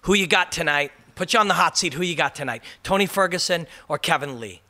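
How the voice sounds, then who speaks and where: A man's voice: on the high side, fast talker, bright, forceful tone. A man imitating a perky female TV fight-night host quizzing her panel for picks. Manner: bubbly, prodding questions to panelists.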